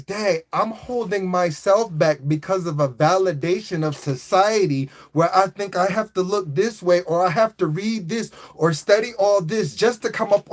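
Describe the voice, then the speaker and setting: A man hosting a casual motivational livestream, talking in a preachy, repetitive way and often checking in with his listeners. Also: high-pitched. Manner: repetitive, preachy, keeps asking "right?".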